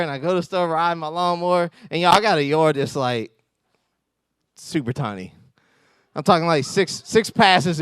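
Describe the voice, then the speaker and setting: A man preaching in a chatty, storytelling way, poking fun at himself as he goes. His voice sits a little higher than most men's. The sound is dry and close, with no room echo. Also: clean tone. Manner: chatty storytelling with self-mocking humor and laughs. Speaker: pastor. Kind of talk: conversational sermon.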